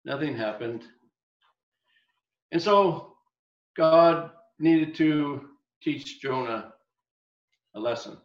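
A man's voice: a little high, drawn-out words, pauses often, highs cut off. Man preaching in an echoey room. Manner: expository, reads scripture aloud, drops softer on key points. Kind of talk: sermon.

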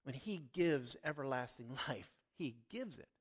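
A man's voice: medium pitch, expressive, a little slow. A middle-aged man preaching a sermon, earnest and emphatic, with sudden swells and drops in volume. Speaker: lay preacher.

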